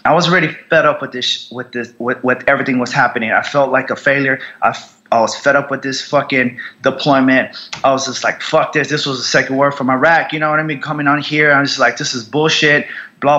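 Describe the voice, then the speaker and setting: This American man, a combat veteran appearing as a podcast guest, recounts his experiences bluntly and profanely, restarting often and using many fillers. He speaks fairly quickly at medium pitch with fairly even intonation and a bright, forceful tone, and the audio is dull. It is a candid storytelling interview.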